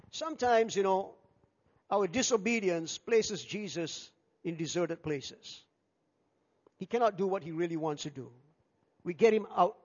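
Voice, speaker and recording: A man preaching a sermon as pastor, animated and acting out the people in his story. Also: high-pitched. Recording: dull sound with long hall reverb.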